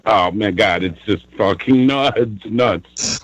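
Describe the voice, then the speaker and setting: A man's voice: lowish voice, slow, a bit bright, low-quality recording. A man calling into a live show, ranting angrily with lots of swearing and bursts of laughter. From New York, US. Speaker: caller. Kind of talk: casual call-in chat.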